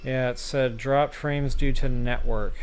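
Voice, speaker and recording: A man talking to his viewers in a relaxed, chatty way while he plays a game live. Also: medium pitch, a little slow, a little hiss or hum. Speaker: game streamer. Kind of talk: live gameplay commentary.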